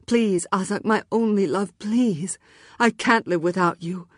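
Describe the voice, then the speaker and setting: A man's voice: high-pitched, lively intonation, brisk, a bit bright, slightly rough, no echo, studio quality, pitched above the performer's own voice, full character voice. A woman reading the lines of a desperate young man begging his former lover to let him stay. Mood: desperate pleading. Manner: pleading, frantic.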